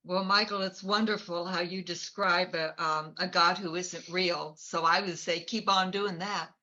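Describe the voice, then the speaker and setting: A woman hosting a storytelling event over a video call, speaking haltingly with fillers. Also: lowish voice, steady tone, pushed and bright. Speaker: host. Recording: dull lo-fi video call audio.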